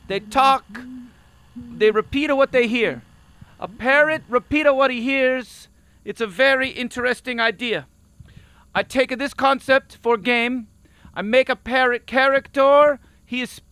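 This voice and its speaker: A hyper game designer dude, broken english, high bright voice, slow and clear. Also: male voice, dry recording, heavily acted. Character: excitable man designer pitching a silly game. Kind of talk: video game voice acting.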